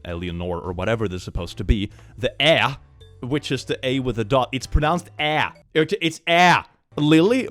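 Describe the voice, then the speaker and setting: Male host, comedic reaction read-through, swears a lot, pitch leaps all over, faint music underneath. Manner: animated and profane, breaks into laughter and shrill outbursts. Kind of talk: comedic reaction commentary reading posts aloud.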